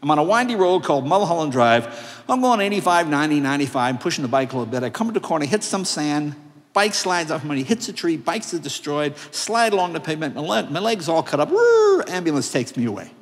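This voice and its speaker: A man in his sixties accepting an award on a large theater stage, telling comic stories in an animated, jokey way. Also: on the high side, fast. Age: 60s. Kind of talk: stand-up storytelling. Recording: long reverb of a large theater.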